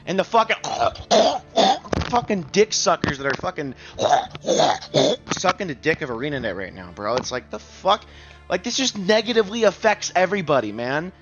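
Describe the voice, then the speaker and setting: Heated, profane young gaming YouTuber. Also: male voice, a little high, fairly bright tone, dull audio. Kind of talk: angry rant.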